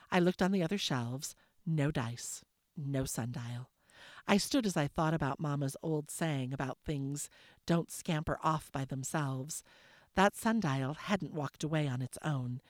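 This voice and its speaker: A woman host reads a novel aloud in a low voice, steady and clear. She sounds relaxed between chapters, and the close mic sound is very dry. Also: moderate pace, no echo. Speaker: host and audiobook narrator. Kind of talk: audiobook narration.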